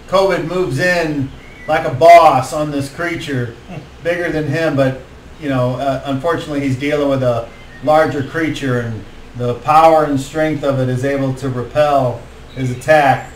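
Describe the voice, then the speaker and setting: Rambling game master, slightly high voice. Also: male voice. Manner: rambling, filler-heavy rules explanations. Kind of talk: narrating a tabletop game. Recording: echoey room, mic far off, faint noise.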